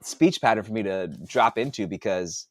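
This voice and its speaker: Rambling man in his forties, lively pitch. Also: moderate pace, dry recording. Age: 40s. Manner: rambling, mutters to himself while working on a computer, swears freely. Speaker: author and podcast host. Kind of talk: casual live-stream chat while working.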